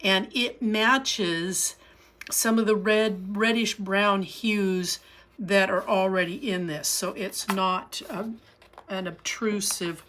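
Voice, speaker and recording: A middle-aged woman narrating a casual crafting tutorial, chatty and unhurried, pausing with fillers as she works. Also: medium pitch, fairly even intonation, a bit bright, a little hiss or hum. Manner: chatty, with frequent fillers and restarts while working. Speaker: crafting channel host.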